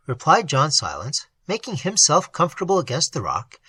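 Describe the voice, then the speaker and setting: Narrator: animated, bright, breathy tone, dry close sound. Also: medium pitch, moderate pace, hardly any pauses, no echo. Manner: expressive storytelling. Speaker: audiobook narrator. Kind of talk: scripted narration.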